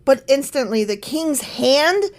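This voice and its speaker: Female co-host, fairly high voice, casual, jokey reader. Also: lively intonation, measured pace. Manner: joking, swears, laughs while reading. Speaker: podcast co-host. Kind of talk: casual Bible-study chat.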